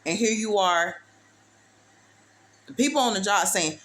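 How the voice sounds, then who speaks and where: A woman's voice: mid-range voice, measured pace, long pauses, fairly bright tone. A woman giving a preachy motivational testimony. She talks emphatically and repeats herself, calls the listener baby and uses street-talk phrasing. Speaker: speaker sharing testimony.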